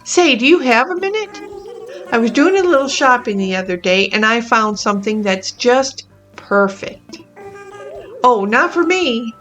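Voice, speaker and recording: A woman's voice: on the high side, very animated, a little slow, a bit bright, soft background music. A woman reading out the lines of a chic, fashion-loving female animal villager from a life-sim game, in a sweet, coaxing, slightly prim way.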